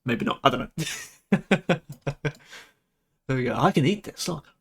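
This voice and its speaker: A young man chatting on a live stream, excitable, giggly and stammering as he talks. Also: on the high side, unhurried, gravelly, slightly rough. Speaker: VTuber streamer. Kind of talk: casual live-stream chat.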